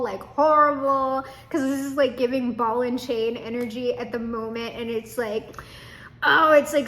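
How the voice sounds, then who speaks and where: A woman's voice: fairly high pitch, a bit bright. A young woman giving a chatty, casual tarot reading to her viewers, swearing and laughing as she goes. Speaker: tarot reader.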